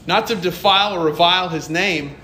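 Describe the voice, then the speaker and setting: Man pastor, storytelling sermon, bright lively voice, echoey hall, faint hiss. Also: high voice, a little fast. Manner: storytelling, acts out dialogue, laughs often.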